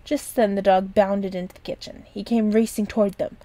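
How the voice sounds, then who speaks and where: A woman reading a children's chapter book aloud in a gentle voice. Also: mid-range voice, flat delivery, fairly quick. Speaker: storyteller.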